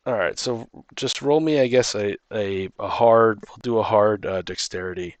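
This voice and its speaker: Guy running a d&d session, lots of ums, dry mic, lowish voice. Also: normal speed, no room sound. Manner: rambling, full of restarts and ums. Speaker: dungeon master. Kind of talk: running a tabletop game.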